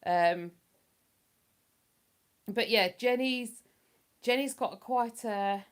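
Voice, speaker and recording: A chatty woman talks straight to her livestream viewers with a slightly high voice. She rambles, restarts her sentences and pokes fun at herself as she answers comments. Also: takes it slowly, clean tone. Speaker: livestream host reading chat. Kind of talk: casual live chat.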